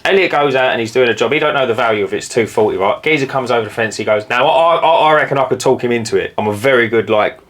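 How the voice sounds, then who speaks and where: A man's voice: medium pitch, fast, few pauses. A man, co-hosting a casual podcast chat about running a cleaning business, telling stories animatedly. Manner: animated storyteller, acts out customers in silly voices.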